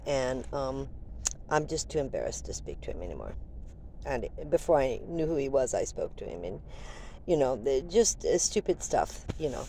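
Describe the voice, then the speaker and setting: A woman's voice: deep voice, dark tone, a little hiss or hum. An older woman vlogger telling a rambling, chatty story full of fillers. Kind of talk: casual storytelling.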